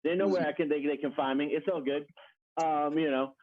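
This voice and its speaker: A man's voice: on the high side, fairly even intonation, a little fast, a crowd in the background. A man hosting a casual chat on a video call, friendly and rambling, laughing easily. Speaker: host. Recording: tinny phone-like call audio.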